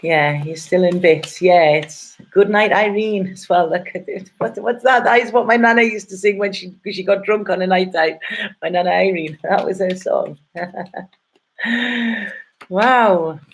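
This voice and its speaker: A middle-aged woman talks through a tarot reading in a loose, meandering way. Her voice sits at an ordinary middle pitch. She keeps checking in with her listeners as she goes. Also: unhurried. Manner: rambling and heartfelt, checking in with "okay?". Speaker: tarot reader. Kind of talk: casual spoken tarot reading.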